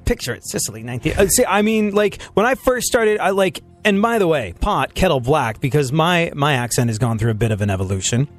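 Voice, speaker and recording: A man's voice: lively intonation, brisk, hardly any pauses, faint music behind. Sarcastic man riffing on the radio. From England and America, mainly England. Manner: sarcastic, riffing, swings between playful highs and dry low asides. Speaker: radio show host. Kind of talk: casual comedic talk-radio banter.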